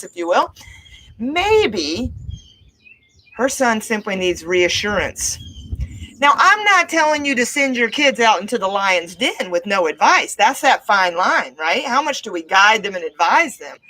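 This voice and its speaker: A middle-aged woman hosting a casual motivational talk, her voice fairly high and bright. She swings her pitch widely and acts out the voices of worried parents as she goes. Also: low-quality recording. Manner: expressive, acts out quoted parents. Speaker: host.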